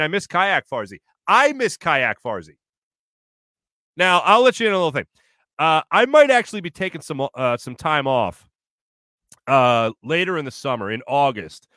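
Chatty bright-voiced sports radio man. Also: fairly high pitch, no echo, clean studio sound. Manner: rambling, chatty, self-interrupting with fillers; reads listener comments aloud. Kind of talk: casual sports talk show.

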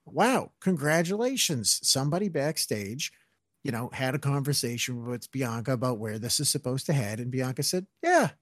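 A man's voice: mid-range voice, a little fast, no echo. Guy venting about wrestling, swears, does goofy impressions, dry sound. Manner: ranting, profane, mocking impressions. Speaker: podcast co-host. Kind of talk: casual wrestling talk.

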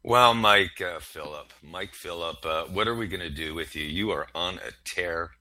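A man's voice: deep voice, normal speed, sharp tone. A man co-hosting a radio talk show, chummy and laughing, with casual banter. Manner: chummy, laughing, calls others sir and man. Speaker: radio co-host.

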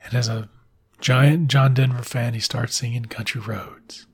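A man's voice: medium pitch, fairly even intonation, normal speed, breathy edge. A man casually recapping a film plot in a rambling, profane, wisecracking way.

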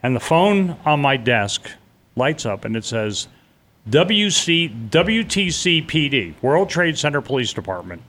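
A man's voice: a little high, sing-song, unhurried, fairly bright tone. A middle-aged man telling a personal story in a casual, vivid way as an interview guest, acting out the voices of the people he quotes.

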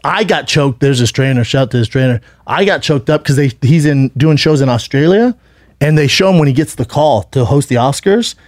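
A man's voice: mid-range voice, animated, brisk, no echo. Dry-voiced man rambling through a story. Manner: rambling, profane storytelling with many restarts. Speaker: podcast host. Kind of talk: casual chat.

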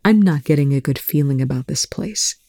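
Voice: medium pitch, lively intonation, a little fast, dark tone, dry recording, clean studio sound. A narrator voicing a blunt, tense male military officer who hisses and snaps his words, in an audiobook reading. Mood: tense, hushed. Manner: terse, hissing, snapping. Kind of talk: audiobook reading of fan fiction.

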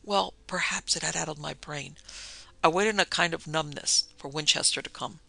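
Bright, gravelly male audiobook narrator. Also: fairly high pitch, moderate pace, no echo, low-quality recording. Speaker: audiobook reader. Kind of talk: scripted narration.

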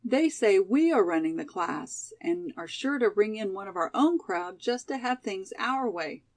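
A woman's voice: mid-range voice, lively intonation, a little slow, a little mellow, no echo. A woman voicing a talkative, persuasive young college sophomore in a storybook reading. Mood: persuading. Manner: persuasive, chatty.

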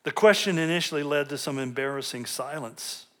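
Here the pastor sounds a little high and speaks fairly quickly. His sermon stays conversational, mixing stories and gentle jokes, and he keeps restarting and repeating words while working up to his point.

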